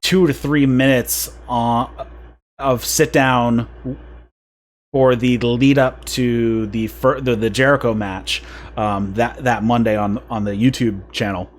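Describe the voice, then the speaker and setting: A man's voice: mid-range voice, steady tone, slow pace. Man casually recapping a wrestling show. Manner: recaps events at length, chuckling at odd moments. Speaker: podcast host. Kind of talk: casual wrestling review chat.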